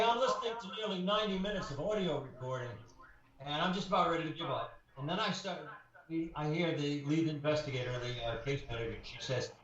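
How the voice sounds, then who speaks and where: A man telling a long story as a radio guest, his voice a touch higher than most men's. He rambles and circles back, full of fillers. The sound is roomy and dull, with a crowd murmuring behind him. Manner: rambling, anecdotal, many fillers. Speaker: paranormal investigator guest. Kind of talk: casual radio interview storytelling. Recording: roomy, muffled, with crowd noise.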